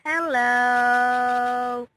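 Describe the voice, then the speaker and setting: A woman's voice: fairly high pitch, fairly even intonation, extremely slow, a bit bright, a little hiss or hum. A young Filipino woman, an early childhood educator, patiently teaching a toddler at home, repeating simple prompts. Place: home, just woken up.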